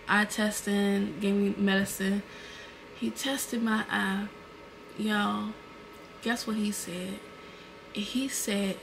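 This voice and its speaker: A young woman vlogger, retelling an emotional story to camera in a casual, animated way with lots of fillers, recorded indoors at home on a camera mic. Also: mid-range voice, vocal fry, slight background noise.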